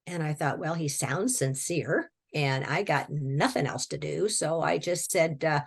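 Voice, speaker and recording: A woman from Washington state with a slightly low voice tells a long personal story as an interview guest. Her talk is folksy and plainspoken, with repeated words and quick little laughs. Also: gravelly, breathy edge. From Washington state, USA. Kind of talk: personal storytelling, recounting a near-death experience.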